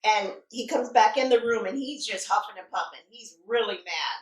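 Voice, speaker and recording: Woman vlogger spinning a storytime, kinda high voice, roomy echo. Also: moderate pace. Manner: animated storytelling, drops to quiet asides. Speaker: mukbang vlogger. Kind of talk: casual storytime. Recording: echoey room, distant mic.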